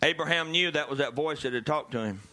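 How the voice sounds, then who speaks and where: A male preacher delivering a sermon, dropping to low murmurs and rising to shouted calls to the congregation. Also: fast. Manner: swings from low murmurs to loud shouted exhortations.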